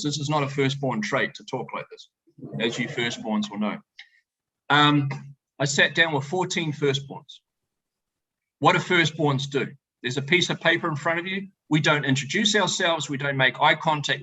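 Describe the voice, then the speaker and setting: A middle-aged man, a winemaker, telling animated, joking stories to a tasting audience over a video call. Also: fairly high pitch, rough recording. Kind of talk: storytelling talk to a tasting audience. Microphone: video call presentation.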